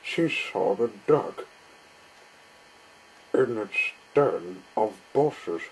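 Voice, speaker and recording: A man reading a children's story aloud in a slow, plain way. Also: lowish voice, expressive, breathy edge, poor audio.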